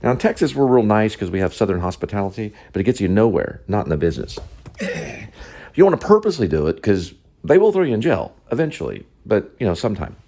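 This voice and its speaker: Talking fast and with lots of animation, this vlog host has a fairly low, mellow voice. He shoots selfie-style on a phone inside his apartment, wandering between subjects and interrupting his own thoughts.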